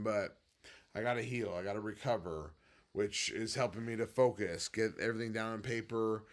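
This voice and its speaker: A man hosting a casual late-night livestream from home, rambling off on tangents and swinging between quiet, low musing and loud, excited bursts. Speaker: livestream host and business owner.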